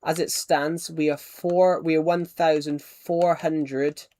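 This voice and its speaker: An English man streaming a game and talking to his chat in a loose, rambling way. His voice sits a bit high, and he keeps repeating and restarting phrases as he reacts. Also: flat delivery, slow, a little mellow. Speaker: gaming live streamer. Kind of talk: casual live-stream chat.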